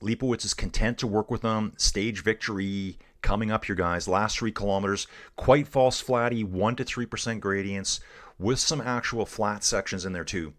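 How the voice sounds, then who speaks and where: Hosting a live cycling stream, a middle-aged man from Canada talks at a normal speed in a lowish voice. He offers commentary on the race and chats with viewers, casual and excited.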